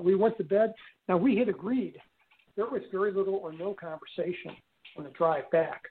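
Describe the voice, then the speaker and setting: A man's voice: high voice, moderate pace, slight background noise. Man telling a story over a tinny phone line. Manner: rambling, with many fillers and restarts. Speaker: guest telling his story. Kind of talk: casual storytelling.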